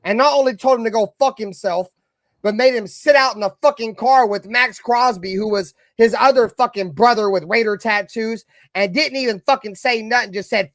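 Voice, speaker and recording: Fan-show co-host, man, high voice, profane rants that swing loud to muttered. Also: normal speed, no room sound, studio quality. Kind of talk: heated live-stream sports talk.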